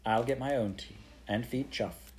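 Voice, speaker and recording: A man's voice: medium pitch, moderate pace, a little mellow, a little hiss or hum, natural voice. A man voicing a stubborn, bitter little girl with curt, clipped replies in an audiobook. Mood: tender. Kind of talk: audiobook character voice.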